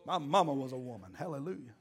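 A man's voice: mid-range voice, very animated, fast, breathy edge. A man preaching a sermon, exhorting the congregation in call-and-response and mixing in folksy jokes.

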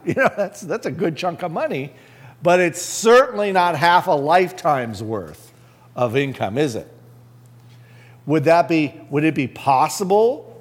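A man as a pastor, preaching a conversational sermon and asking the listeners rhetorical questions. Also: fairly high pitch.

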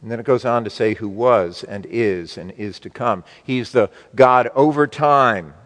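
A man preaching a sermon to his congregation, slow and emphatic, with wide swings between loud and soft. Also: mid-range voice, big-room sound. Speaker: pastor.

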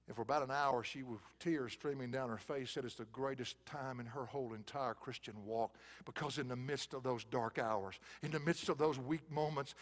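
A man preaching a sermon in an auditorium, swinging from hushed, soft passages to loud, emphatic bursts. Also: mid-range voice, normal speed, few pauses, long reverb tail.

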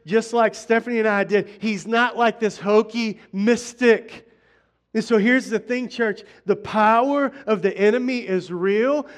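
A middle-aged male pastor preaching a sermon in a conversational way, often restarting phrases and speaking straight to the congregation. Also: sits high. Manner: conversational preaching, frequent restarts and direct address.

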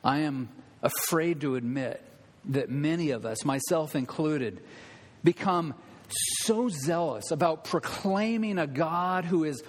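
Animated preacher in an echoing hall. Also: male voice, fairly high pitch. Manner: conversational, animated, dropping to quiet emphasis. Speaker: pastor. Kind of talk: sermon. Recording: long reverb of a church hall.

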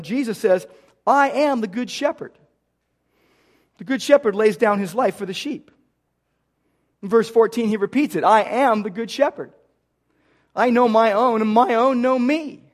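A middle-aged man with a notably high voice delivers a sermon in an earnest way. He circles back and repeats his key phrases to drive them home. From United States. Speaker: pastor.

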